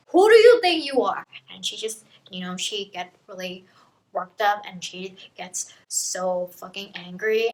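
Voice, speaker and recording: A woman's voice: mid-range voice, bright, forceful tone, rough recording. A young woman giving a casual book summary in a chaotic, chatty, profane way. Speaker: book vlogger.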